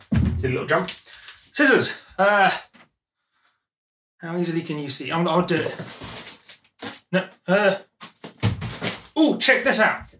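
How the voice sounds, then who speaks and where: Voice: mid-range voice, background noise. Youtuber unboxing stuff, jokey and hyped, far from the mic, echoey room. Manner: excitable, jokey, rambling, talks while handling things. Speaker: music producer and YouTuber. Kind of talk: casual unboxing vlog.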